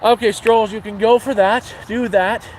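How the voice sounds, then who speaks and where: A man chatting casually on a livestream, crude and laid-back, swearing as he tells dark jokes. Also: high voice, fairly even intonation, moderate pace, slight background noise, rough recording. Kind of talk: casual livestream chat and joke telling. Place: outdoors near water.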